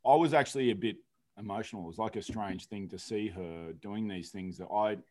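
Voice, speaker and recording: A man's voice: lowish voice, a little fast, dark tone. A man co-hosting a podcast, earnestly recounting a family trip in casual chat. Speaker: podcast co-host.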